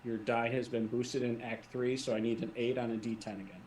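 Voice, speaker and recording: A man's voice: medium pitch, little pitch movement, fairly quick, darkish tone, a little hiss or hum. A man acting as game master, describing the scene and calling for dice rolls in a tabletop role-playing game. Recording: echoey room, voice from a distant mic.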